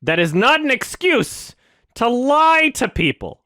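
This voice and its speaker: Ranting woman with a lively voice. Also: on the high side, slow pace, soft background music. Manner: ranting, indignant and sarcastic, repeats questions. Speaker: streamer reacting to a video. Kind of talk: angry reaction commentary.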